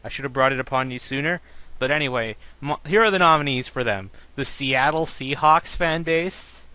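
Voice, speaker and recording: A man's voice: medium pitch, moderate pace, clean tone, no room sound. A man hosting a casual sports talk show, ranting about fans with plenty of swearing. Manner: ranting, profane, animated. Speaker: podcast host.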